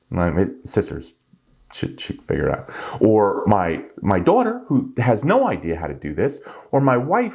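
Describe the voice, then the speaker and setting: A middle-aged man delivers a vlog rant in an animated, exasperated tone. His pitch swings wildly from low grumbles to high outbursts, and he fires rhetorical questions at viewers he names one by one. His voice sits in the middle of a man's pitch range. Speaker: finance channel host. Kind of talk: ranting vlog monologue.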